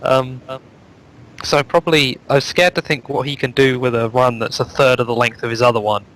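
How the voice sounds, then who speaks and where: A man co-hosts a casual live chat show from a home microphone on an online call. He rambles through the list with jokes and plenty of ums and uhs. His voice sits at an ordinary middle pitch. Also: steady tone, brisk, fairly bright tone, poor audio. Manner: rambling, joking, lots of fillers. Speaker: co-host reading out new speedruns.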